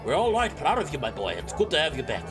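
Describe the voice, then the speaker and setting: A man voicing a jovial male barkeep in a clumsy put-on Scottish accent, loud and boisterous over game music. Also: on the high side, huge pitch swings, quick pace. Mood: hearty. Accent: attempted Scottish.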